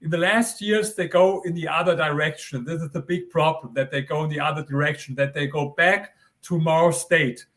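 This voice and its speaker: A man's voice: a little high, steady tone, normal speed, fairly bright tone. An older man with a German accent, a guest author giving earnest, insistent interview answers and repeating his points.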